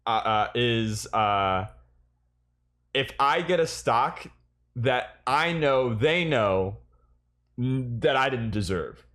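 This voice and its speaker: A man's voice: medium pitch, slow pace, pauses often. A man co-hosting a casual gaming podcast, telling stories with lots of swearing and restarts. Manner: animated storytelling, swearing, frequent restarts. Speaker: podcast co-host.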